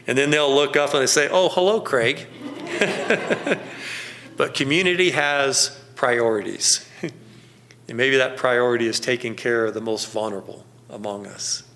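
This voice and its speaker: A male pastor preaches through down-to-earth local stories in a folksy storytelling style. His voice is at an ordinary middle pitch and a bit bright, and he chuckles often and slows down, dragging out key words for emphasis.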